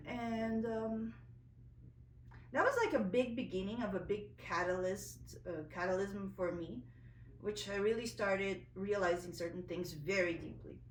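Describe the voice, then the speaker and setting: A woman's voice: medium pitch, a bit bright, roomy sound, recorded from a distance, slight background noise, poor audio. A woman vlogger telling a personal story in a candid, emotional way, a little nervous, full of fillers and restarts.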